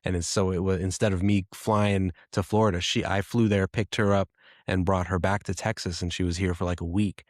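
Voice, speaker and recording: A man in his thirties talks through a personal story as a podcast host, pausing and restarting often as he reflects. His voice sits very low. The sound is dry and close, with no room around it. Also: flat delivery, no room sound. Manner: reflective, halting, with frequent restarts.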